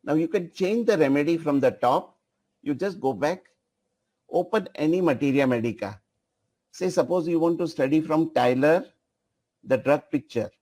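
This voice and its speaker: A man giving a live software demonstration as trainer, repeating phrases and directing an assistant at the controls. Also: a little high, lively intonation, moderate pace.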